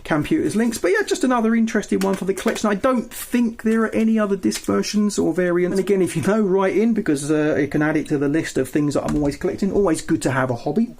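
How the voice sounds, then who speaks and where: A man's voice: high voice, fast talker, vocal fry, few pauses, darkish tone, slight background noise. A man chatting casually as he shows off items from his retro game collection, with lots of ums and asides. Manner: chatty, rambling, filler-heavy. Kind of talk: show-and-tell of collection.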